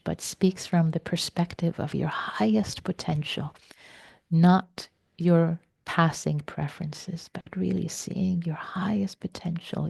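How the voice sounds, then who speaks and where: A woman meditation teacher giving a slow, reflective dharma talk in a soft voice, with some words whispered for stress. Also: fairly low pitch, vocal fry, no room sound, studio quality.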